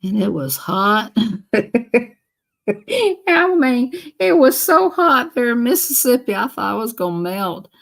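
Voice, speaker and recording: A woman's voice: fairly high pitch, big pitch swings, slow pace, vocal fry, pauses often. A woman with a Southern US accent chatting casually on a live stream, telling stories to her viewers and laughing often.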